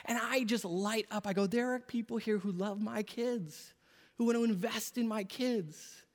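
A man's voice: high voice, unhurried, big-room sound. A man in his thirties, a pastor, giving an earnest, conversational sermon in a church. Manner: earnest, conversational preaching with quoted asides. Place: church sanctuary.

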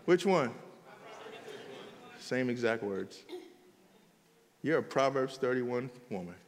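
A man preaching a sermon in an animated way, with quick asides and frequent laughter. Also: medium pitch, big-room sound. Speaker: pastor.

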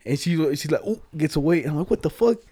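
A man's voice: fairly high pitch, lively intonation, fast, warm tone, slightly rough. Laughing slangy young man telling stories. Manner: slangy storytelling, laughs often. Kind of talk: casual chat between friends.

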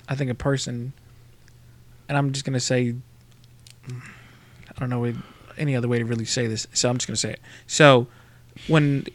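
Man co-hosting, plain mid voice. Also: medium pitch. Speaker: podcast co-host. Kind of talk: casual chat.

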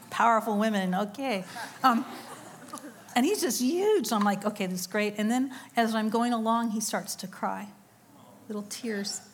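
A woman's voice: medium pitch, steady tone, moderate pace, slight background noise. A middle-aged woman giving a sermon, telling a story with quoted voices and laughing asides. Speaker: conference speaker. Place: church or conference hall.

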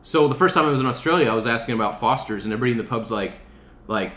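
A man's voice: medium pitch, racing. A man co-hosting a podcast, joking and swearing as he tells stories in casual chat. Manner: joking, profane, animated storyteller. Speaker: podcast co-host. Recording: roomy echo.

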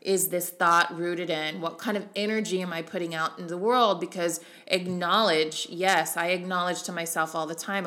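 A middle-aged woman who coaches real estate agents on mindset gives a motivational solo talk about self-talk. Her lowish voice is bright and forceful, steady in tone, at a moderate pace with few pauses, and she speaks earnestly and emotionally.

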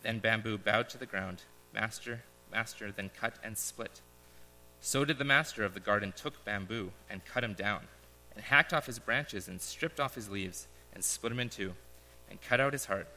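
Young male preacher, easygoing storyteller, lowish voice, long reverb from a large church hall. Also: moderate pace, pushed and bright, faint music behind. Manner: casual, joking, then reads a story aloud. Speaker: pastor. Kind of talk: sermon.

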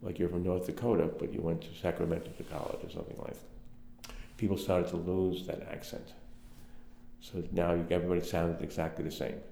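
A man's voice: low-pitched, expressive, a little fast, vocal fry, mellow, reverberant, a little hiss or hum. An older man from Brooklyn with a Brooklyn accent, telling rambling stories in an oral history interview with lots of fillers. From Brooklyn, New York. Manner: rambling, anecdotal, many fillers.

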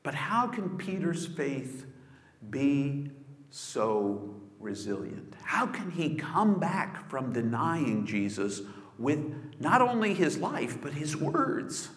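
Man preaching, relaxed storyteller with casual asides, slow-paced, lots of pitch movement; recorded in a hall with long reverb. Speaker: pastor. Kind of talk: sermon.

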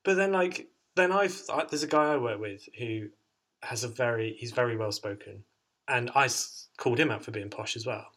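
Male podcast host, bright tone, chatty and laughing. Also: mid-range voice, normal speed. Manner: chatty, laughs often, jokey. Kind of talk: casual chat.

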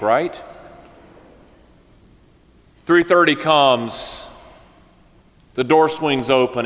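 Animated storytelling preacher in an echoing church. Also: male voice, on the high side. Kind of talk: storytelling sermon. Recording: reverberant church hall.

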